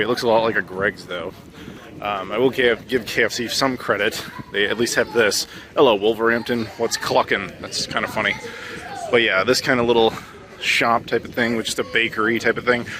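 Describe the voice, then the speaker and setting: A travel vlogger from the United States, with a lowish voice, strolls outdoors through town streets amid a noisy background. His casual walking vlog is chatty and jokey, full of filler words.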